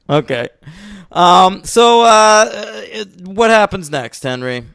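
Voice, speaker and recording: Lively, laughing podcast co-host man. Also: high-pitched, slow, creaky, smooth, no room sound, studio quality. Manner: laughs often, loose and profane. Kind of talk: casual film review chat.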